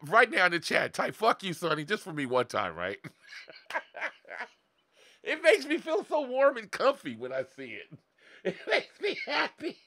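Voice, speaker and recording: A man's voice: high voice, wildly swooping pitch, normal speed, pushed and bright. A man in his forties talking bluntly and profanely on a live stream, coaching his viewers and laughing often. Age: 40s. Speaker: online marketing coach. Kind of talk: live-streamed motivational talk.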